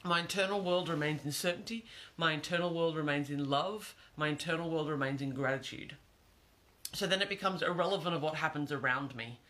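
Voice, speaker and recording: A man's voice: fairly high pitch, brisk, pushed and bright. A man giving an earnest, reflective monologue, repeating phrases for emphasis.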